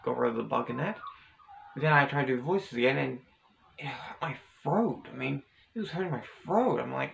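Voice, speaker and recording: A man's voice: mid-range voice, lively intonation, normal speed, gravelly, slight background noise, low-quality recording. A man vlogging casually, telling a personal story in a rambling, hesitant way with many restarts.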